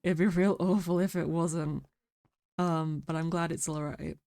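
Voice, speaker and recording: A sick woman streamer chatting quietly and mumbling close to her microphone. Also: sits low, steady tone, measured pace, vocal fry, no room sound. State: sick, rough throat. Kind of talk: casual stream chat. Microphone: very close to mic.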